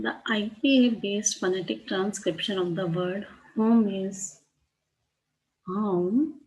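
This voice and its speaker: A woman's voice: medium pitch, slight background noise, low-quality recording. Indian English woman giving a lecture. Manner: reads from text, then explains with spelled-out letters and asides in Hindi. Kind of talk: classroom lecture on phonetics.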